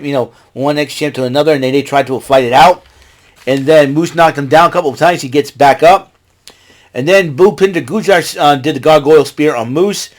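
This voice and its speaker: A man with a fairly high voice and a slightly fast pace hosts a casual podcast recapping wrestling. He rambles through the events and jumps into raised voices when quoting people.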